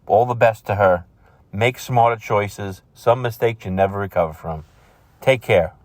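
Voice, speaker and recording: A man's voice: on the low side, measured pace, no room sound. A man hosting an opinion show, ranting bluntly and sarcastically about a news story. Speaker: show host. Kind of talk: opinion commentary.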